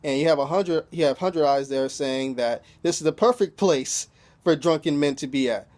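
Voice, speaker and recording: A man with a slightly high voice for a man gives a laid-back spoken recap of a TV episode at a moderate pace. His slightly mellow delivery is loose and profane, leaning constantly on "you know" and breaking into small chuckles as he retells scenes.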